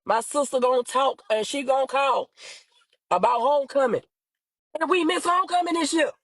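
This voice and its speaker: A woman's voice: sits high, moderate pace, fairly bright tone, dry recording, poor audio. A young woman making an emotional, pleading plea to camera about her missing sister, her voice breaking into tears as she repeats herself.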